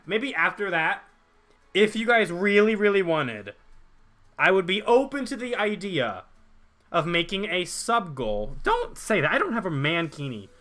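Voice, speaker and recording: A man's voice: high-pitched, sing-song, measured pace, pushed and bright. A young man streaming a game, chatting casually and jokingly with his viewers while reading their chat aloud.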